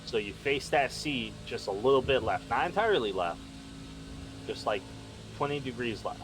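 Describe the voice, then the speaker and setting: Male co-host, quick questioning banter, easygoing. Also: mid-range voice, animated, rough recording. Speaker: podcast co-host. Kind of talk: casual comedic chat.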